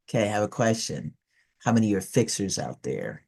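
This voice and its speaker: A woman's voice: extremely low pitch, big pitch swings, fast talker, vocal fry, darkish tone, slightly rough. A middle-aged woman giving a conversational presentation as a trainer in an online session, telling stories with animation and coaxing listeners to join in.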